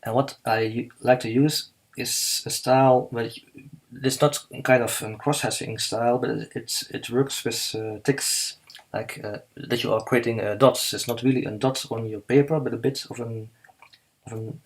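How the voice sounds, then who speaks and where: Halting, husky-voiced man teaching drawing. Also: medium pitch, steady tone, low-quality recording. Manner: halting, many fillers and restarts, slow and careful. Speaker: artist teaching live drawing. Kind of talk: live drawing demonstration.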